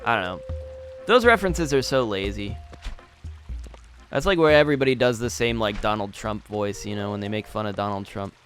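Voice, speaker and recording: A man's voice: medium pitch, very animated, brisk, a bit bright, faint music behind. A young man casually commentating over gameplay, rambling, restarting his sentences and laughing often. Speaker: gaming channel host.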